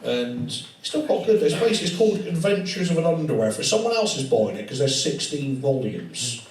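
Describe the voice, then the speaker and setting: A man's voice: medium pitch, sing-song, fairly quick, darkish tone, a little hiss or hum. A male comedian doing live stand-up in a tattoo studio, rambling and swearing freely in a conversational way. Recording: echoey room, distant mic, audience laughter.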